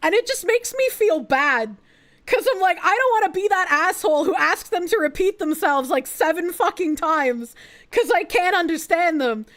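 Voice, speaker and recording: A young woman with a high, girlish voice, chatting to her stream audience. She rambles through her points, peppers them with fillers and swears, and keeps breaking into giggles. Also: expressive, moderate pace, a bit bright. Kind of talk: casual livestream chat.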